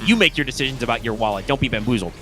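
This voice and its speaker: A man's voice: mid-range voice, animated, very fast, fairly bright tone, soft background music. A young man co-hosting a live stream, chatting casually in a rambling, self-interrupting way with frequent swearing. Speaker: co-host of a live stream show.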